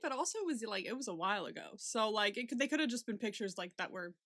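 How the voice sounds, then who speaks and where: A woman's voice: mid-range voice, lively intonation, fast talker, a bit bright, no room sound, clean studio sound. A woman co-hosting a casual podcast recap, swearing freely and laughing often. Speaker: podcast co-host.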